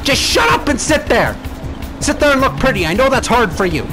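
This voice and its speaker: Excitable young man doing game commentary. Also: very high voice, brisk. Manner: excitable, swears, frantic exclamations. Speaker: gaming channel host. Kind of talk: let's play commentary. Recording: game music underneath.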